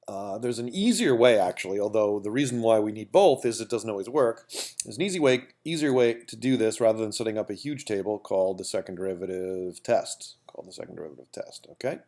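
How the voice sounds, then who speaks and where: Gravelly-voiced man teaching calculus. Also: lowish voice, animated, brisk, a little mellow. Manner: casual, repeats himself, many asides and "okay?" checks. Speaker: math teacher. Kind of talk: whiteboard calculus lesson.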